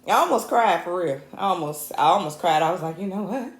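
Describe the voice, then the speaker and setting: Woman host, low-ish voice, fired up and joking, live show from an echoey home set. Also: lively intonation, a little fast. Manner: impassioned and fired up, mixing jokes with anger; chatty, addresses viewers as y'all. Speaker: host and technical producer. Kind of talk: livestreamed talk show monologue. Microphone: camera mic.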